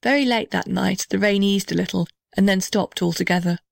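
A woman narrating a children's story in a gentle, even reading voice. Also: mid-range voice, brisk, vocal fry, dry recording, studio quality. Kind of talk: scripted narration.

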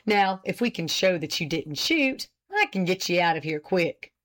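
A woman's voice: lowish voice, lively intonation, normal speed, fairly bright tone. A woman reading the part of a friendly young man, kindly and coaxing in manner. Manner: kindly, coaxing, laughing easily. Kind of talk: audiobook character reading.

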